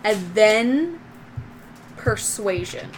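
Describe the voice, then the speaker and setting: Slow-talking woman running a tabletop game. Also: mid-range voice, expressive, heavy background noise. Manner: descriptive, loose narration with fillers. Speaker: game master.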